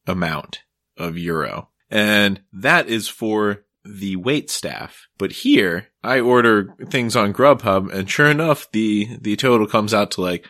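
A man's voice: fairly low pitch, sharp tone, no echo, clean studio sound. A man from Maryland co-hosting a podcast, ranting casually with profanity and wry laughs. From Maryland, USA. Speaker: podcast co-host. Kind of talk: casual chat.

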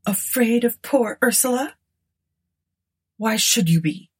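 A woman's voice: a little high, expressive, takes it slowly, husky, voice pushed up, full character voice. A woman reading aloud voicing a grim, miserly, scornful woman in a storybook, with a harsh, menacing manner. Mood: taunting.

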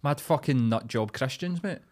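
A man's voice: mid-range voice, lively intonation, normal speed, darkish tone. A man hosting a podcast, chatting casually in a blunt, sweary, ranting way. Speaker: podcast host. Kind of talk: casual chat.

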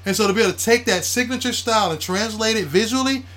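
A man in casual podcast chat, animated and profane, often talking over his co-host. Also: high voice, fast.

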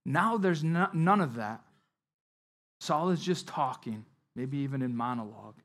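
A man's voice: medium pitch, unhurried. A male pastor preaching a sermon in a conversational way, acting out the scenes with energy. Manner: conversational, animated when acting out Bible scenes.

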